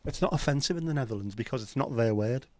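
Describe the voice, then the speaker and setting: A man's voice: medium pitch, animated, fast, darkish tone, no echo. Chatty, sweary male livestream host. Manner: chatty, sweary, banter-filled. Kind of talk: casual chat reading viewer comments.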